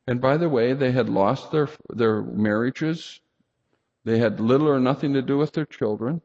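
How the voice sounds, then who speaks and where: A man's voice: medium pitch, a little mellow, long reverb tail, lo-fi sound. A middle-aged man preaching a sermon, speaking earnestly and directly to his congregation and leaning hard on scripture. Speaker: pastor.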